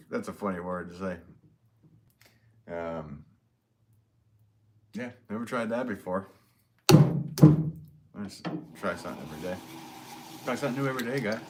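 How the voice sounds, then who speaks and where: A man from Connecticut, a potter, chatting casually and reading out comments on a live stream. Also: sits low. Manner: rambling, easygoing, many fillers. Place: pottery studio. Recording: noisy background.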